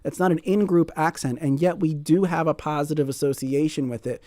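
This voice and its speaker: A man hosting a public radio talk show from a studio, measured and friendly as he interviews and signs off. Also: fairly high pitch, fairly even intonation, mellow, dry recording. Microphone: studio microphone.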